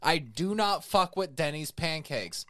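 A man in casual chat, teasing and cutting in with quick questions. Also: on the high side, lively intonation, fairly bright tone.

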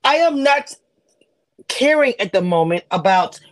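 A woman hosting a heated reaction chat, excitable and quick to cut in. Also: on the high side, dry recording. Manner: excitable, interrupts, cries hold on and wait. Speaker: show host.

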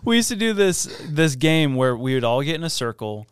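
A young man hosting a podcast, telling stories in a relaxed, easy drawl. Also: on the high side, a little fast, clean tone, no echo, clean studio sound. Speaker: podcast host. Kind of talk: casual chat, storytelling.

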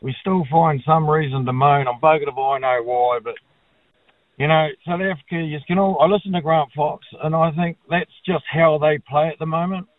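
A man's voice: a little high, steady tone, moderate pace, no room sound. A man with a New Zealand accent calling in to a talkback radio show, blunt, blokey and opinionated, swearing casually. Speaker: caller. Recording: tinny phone line.

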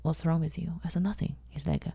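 A woman from China whose first language is Mandarin, telling her own story bluntly as a guest, with halting restarts and acted-out quotes. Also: low voice, steady tone, creaky, dark tone, slightly rough, no room sound. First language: Mandarin Chinese. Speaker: guest comedian. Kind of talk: candid personal storytelling.

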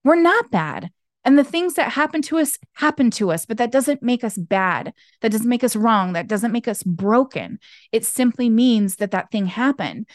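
A woman guest talking candidly in an interview over a video call, expressive and acting out the voices she quotes. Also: fairly high pitch, normal speed, no room sound, clean studio sound. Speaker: podcast guest, intuitive business owner. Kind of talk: candid conversational interview talk.

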